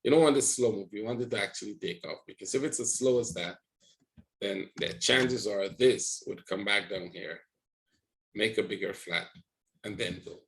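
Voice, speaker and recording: A man with a somewhat low voice leads a live trading session, talking viewers through his charts. He rambles a little as he thinks aloud. He keeps checking in with his audience as he goes. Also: moderate pace, vocal fry, low-quality recording. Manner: rambling, talks to viewers with frequent "right?". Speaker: trading educator.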